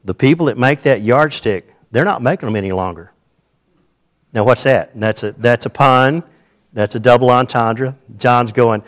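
An older man with a drawl preaching to his church congregation. His talk is folksy and chatty, full of jokes and checks on whether the room is following. His pitch sits in an ordinary middle range. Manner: folksy, joking asides and quick asides to the congregation. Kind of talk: sermon.

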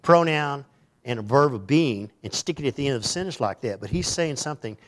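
A man's voice: mid-range voice, lively intonation, a little fast, fairly bright tone. A man preaching a sermon in a conversational way, reading scripture aloud and acting out the voices in it. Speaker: pastor.

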